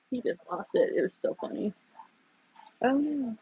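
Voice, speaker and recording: A woman's voice: a little high, expressive, moderate pace, slightly rough, dry recording, dull audio. A young woman hosting a casual stream, telling stories and laughing often. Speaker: streamer host. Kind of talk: casual chat. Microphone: earbuds.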